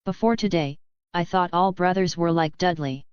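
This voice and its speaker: A woman's voice: fairly low pitch, moderate pace, a little mellow, clean tone, no echo, dull audio, natural voice. A woman voicing an eager eleven-year-old boy wizard. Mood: earnest.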